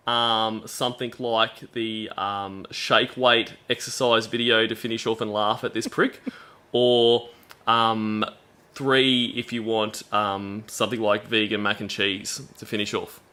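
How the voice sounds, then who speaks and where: A man hosts a relaxed chat with a bright, forceful voice. He laughs often and slips into quoting callers mid-sentence. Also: on the low side, slow pace. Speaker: podcast host. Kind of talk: casual chat.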